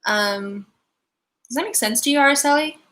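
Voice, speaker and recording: A woman's voice: fairly high pitch, normal speed, a bit bright. A woman giving a live-stream angel card reading, chatty and giggly, full of likes and ums.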